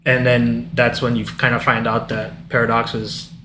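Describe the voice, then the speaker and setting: Guy on a movie podcast, middle-pitched voice, rambling through movie quotes with lots of likes. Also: level tone, noisy background. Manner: recounts film lines in a halting way, with many "like"s. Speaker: podcast co-host. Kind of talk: casual film discussion.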